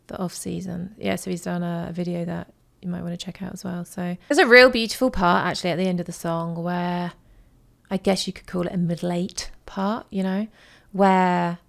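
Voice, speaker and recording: A woman's voice: lowish voice, steady tone, moderate pace, gravelly. A woman vocal coach talking casually to her viewers about a song, chatty and rambling, with lots of fillers and affectionate asides. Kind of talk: casual reaction vlog.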